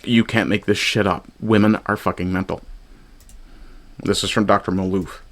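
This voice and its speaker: A man from Newfoundland talks over video clips in a mocking, profane commentary. His voice sits a little low, and his tone stays sarcastic and dismissive throughout. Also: fairly even intonation, moderate pace. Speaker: commentary streamer.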